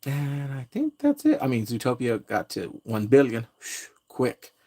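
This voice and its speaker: Man, pop culture vlogger, casual rant, brash, jokey trash talk, mid-pitched voice. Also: huge pitch swings, a little slow, dark tone.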